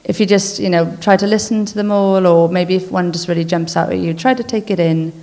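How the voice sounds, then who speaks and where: A woman giving an informal church talk, speaking earnestly in a conversational way and then reading a list slowly and deliberately. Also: lowish voice, fairly even intonation, darkish tone. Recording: long hall reverb.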